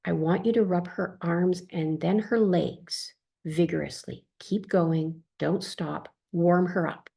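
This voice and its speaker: A woman calmly reading her own first-person account as a therapist, in a soft, tender manner. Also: on the low side, slow pace, gravelly, slightly rough.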